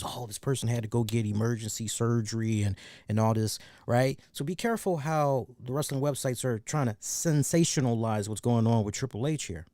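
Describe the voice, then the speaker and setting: A man's voice: mid-range voice, darkish tone, no echo, clean studio sound. A man hosting a podcast, telling a personal story in a frank, profane, casual way with many fillers. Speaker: podcast host.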